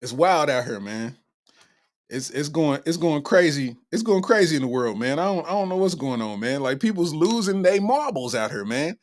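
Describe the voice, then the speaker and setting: A man hosting a comedy podcast, reacting loudly to a news story with exclamations, laughter and repeated punchlines. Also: on the high side, lively intonation, moderate pace. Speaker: podcast host. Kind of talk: comedic commentary.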